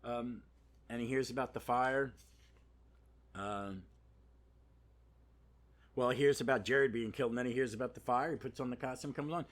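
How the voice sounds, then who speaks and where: A man's voice: mid-range voice, moderate pace, pauses often. A man hosting a podcast, giving a casual, rambling comic book review full of asides and fillers. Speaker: podcast host.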